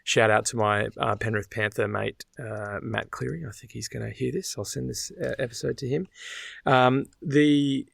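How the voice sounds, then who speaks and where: Man, gravelly voice, dry close sound, rambling podcast co-host. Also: mid-range voice, fairly even intonation, moderate pace, fairly bright tone, dry recording. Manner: gushing and rambling, with many restarts. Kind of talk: casual sports chat.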